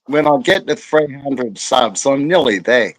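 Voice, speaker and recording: A man's voice: mid-range voice, expressive, measured pace, dry recording, poor audio. An Australian man joking as a guest on a live stream, full of slang and heavy swearing. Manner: crude banter, heavy swearing, Aussie slang. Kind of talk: casual live stream chat.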